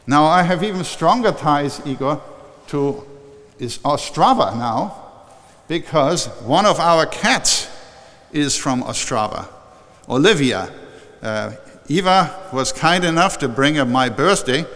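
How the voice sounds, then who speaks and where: An older man giving a warm, conversational acceptance speech at a formal ceremony, often restarting and correcting himself. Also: fairly high pitch, lively intonation, slow. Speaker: honorary doctorate recipient giving an acceptance speech. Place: large historic chapel hall. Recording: long reverb from a large hall.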